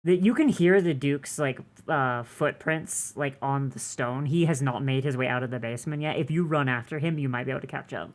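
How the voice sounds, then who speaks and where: A woman's voice: a bass voice, fairly quick, hardly any pauses. A woman narrating a tabletop game as game master, rambling with many fillers as she describes scenes.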